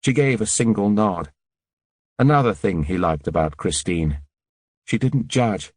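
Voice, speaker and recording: A man narrating an audiobook in a measured, sombre reading. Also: fairly low pitch, animated, darkish tone, dry recording, studio quality. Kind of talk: scripted narration.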